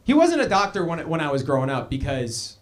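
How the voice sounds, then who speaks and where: A young man hosting a live comedy show, telling a stand-up bit on stage with an animated delivery and quick put-on voices. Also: on the high side. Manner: animated, puts on voices for quoted people.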